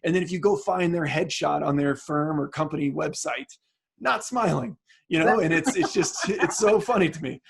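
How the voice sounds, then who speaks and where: A man's voice: fairly high pitch, normal speed, gravelly, husky. A man being interviewed about his book, talking casually over a video call with lots of fillers and restarts. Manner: chatty, many restarts and fillers. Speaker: guest author.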